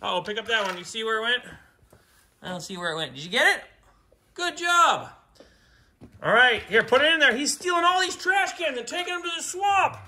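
A woman playing with toy cars alongside a child, narrating the action in an animated way with sound effects. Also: fairly high pitch, fairly quick, slight background noise. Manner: animated, makes sound effects and voices for toys. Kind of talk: playful toy play narration.

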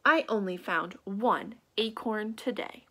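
A woman voicing an angry little squirrel in a children's storybook, speaking in a drawn-out, sulky way. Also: mid-range voice, pushed and bright. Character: grumpy little squirrel, mad.

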